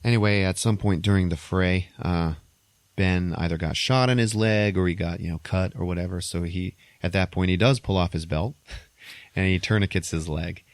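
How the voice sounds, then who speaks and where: A man's voice: low-pitched, moderate pace, no echo. A man hosting a podcast, retelling a movie plot in a casual, profane way, laughing as he goes. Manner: profane, laughs through retelling, acts out characters' lines. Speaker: podcast host.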